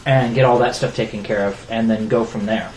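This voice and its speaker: A man's voice: lowish voice, fairly even intonation, fairly quick, a little mellow. A man co-hosts a gaming podcast in a loose, rambling chat that stops and restarts often. His voice rings in an echoey room over a faint hiss. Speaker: podcast co-host. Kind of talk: casual chat.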